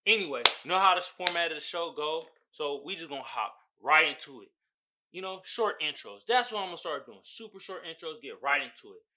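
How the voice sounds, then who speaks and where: A man's voice: sits high, sharp tone, slight background noise. A young man hosting his own podcast, venting bluntly and profanely in casual talk. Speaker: podcast host. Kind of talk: casual solo podcast rant.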